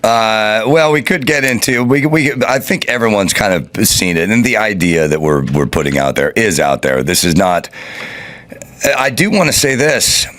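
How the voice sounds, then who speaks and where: A man's voice: fairly low pitch, animated, normal speed, a bit bright. A man co-hosting a talk show, mostly agreeing with the host and chiming in with wry remarks. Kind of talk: casual talk show banter.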